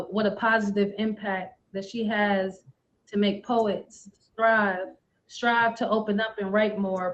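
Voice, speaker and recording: A woman recites spoken word poetry with a steady, rhythmic rhyming flow. Her voice sits at an ordinary pitch. The livestream audio comes through dull and lo-fi. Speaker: poet performing on a livestream.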